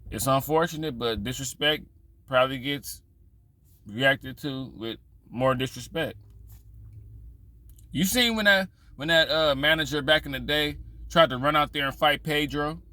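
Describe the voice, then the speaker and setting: A man's voice: a little high, measured pace, bright, forceful tone, dry recording. A man vlogging in casual storytelling style, loose and profane, rambling with frequent restarts.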